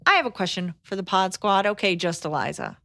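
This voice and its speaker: Giggly woman cohost, chatty, lowish voice, dry close mic. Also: lively intonation, fairly quick, gravelly, a bit bright, dry recording. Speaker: podcast co-host. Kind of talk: casual chat, reading listener letters.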